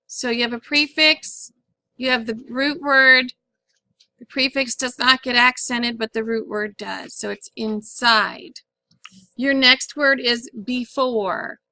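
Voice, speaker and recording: A woman's voice: on the high side, fairly even intonation, slow, bright, forceful tone, no echo. A woman teaching a phonics lesson, patiently sounding out words syllable by syllable.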